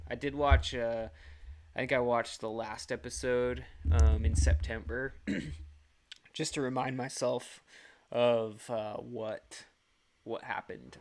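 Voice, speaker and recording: A young man hosting his own channel, chatting casually and rambling on a livestream. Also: medium pitch. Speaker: channel host.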